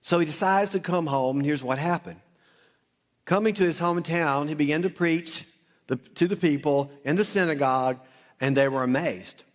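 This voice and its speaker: A male pastor preaching a sermon, telling the story with lively asides and acting out the townspeople's voices. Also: fairly high pitch, normal speed. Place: church auditorium.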